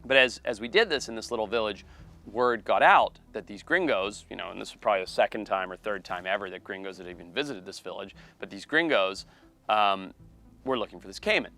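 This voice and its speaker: Animated low-voiced male storyteller. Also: a little fast, soft background music. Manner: animated, acts out quoted voices. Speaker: wildlife biologist and TV host. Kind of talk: casual storytelling.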